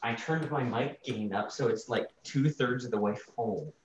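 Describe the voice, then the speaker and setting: A man's voice: medium pitch, normal speed, slight background noise. Hesitant man on an echoey call. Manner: apologetic, hesitant restarts. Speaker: tabletop player. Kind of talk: casual chat on a video call. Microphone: video call. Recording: distant, roomy, muffled call mic.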